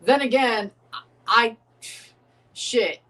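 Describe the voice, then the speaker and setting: Man hyping a football watchalong. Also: slow. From United States. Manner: swings between excited hyped calls and low mumbled asides. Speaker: livestream watchalong host. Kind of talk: live football reaction commentary.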